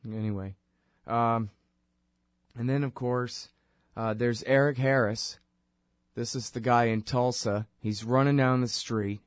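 A man's voice: medium pitch, fairly even intonation, measured pace, long pauses, no echo, clean studio sound. Sarcastic, fired-up male host. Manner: sarcastic and impassioned. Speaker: show host. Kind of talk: political commentary monologue.

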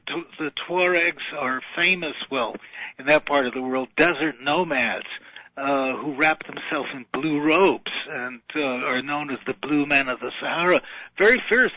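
On a radio talk show, a man explains foreign affairs in a wry, lecturing style full of fillers. His voice is on the high side, pushed and bright with no echo, though the radio audio is dull and band-limited.

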